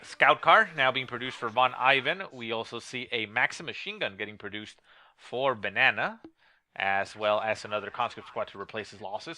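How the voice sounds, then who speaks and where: A man giving play-by-play commentary on a strategy game replay, calling the action with lots of "uh" fillers and quick bursts of excitement. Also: on the low side. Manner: rapid play-by-play with frequent "uh" fillers, rising excitement at kills. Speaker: game caster.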